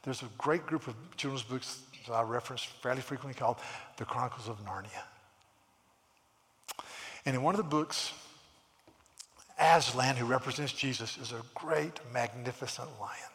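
A man preaching a sermon in a church, animated, often repeating words and acting out the people in his stories. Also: medium pitch, moderate pace, pauses often, big-room sound. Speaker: pastor.

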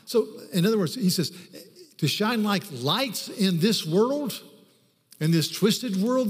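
Guy pastor preaching, tells stories then gets emphatic, kinda high voice, big echoey hall. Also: lively intonation, slow. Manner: storytelling, rising to emphatic preaching on scripture. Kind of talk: sermon. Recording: reverberant hall recording.

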